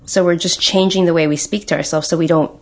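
A woman's voice: on the low side, steady tone, quick pace. A woman talking as a guest in a casual chat, giving encouraging coaching advice.

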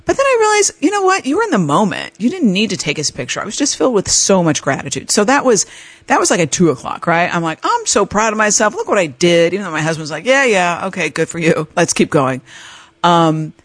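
A woman podcast host telling a personal story in an animated way, acting out the voices of the people in it and laughing often. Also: on the low side, a little fast, dry recording. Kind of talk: storytelling monologue.

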